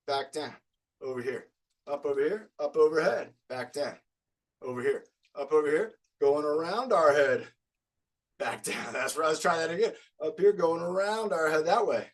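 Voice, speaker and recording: A man's voice: a little high, expressive, brisk. A male fitness coach leading a live online group workout, upbeat and encouraging as he counts reps aloud.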